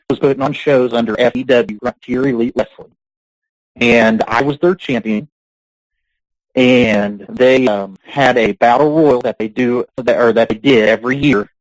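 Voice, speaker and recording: A man's voice: mid-range voice, no echo, low-quality recording. A man being interviewed on a podcast, telling long rambling stories and laughing between them. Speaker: guest, pro wrestler. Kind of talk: casual podcast interview storytelling.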